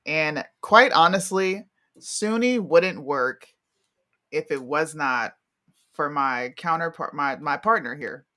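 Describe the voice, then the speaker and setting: A woman co-hosting a live talk show in casual banter, loud and blunt. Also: deep voice, takes it slowly. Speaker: co-host.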